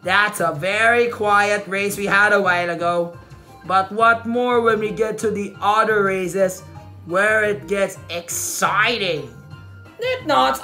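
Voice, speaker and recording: A woman commentating her racing game play, excitable, swearing and yelping. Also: medium pitch. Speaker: gaming channel host. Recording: roomy, distant from mic. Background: game music.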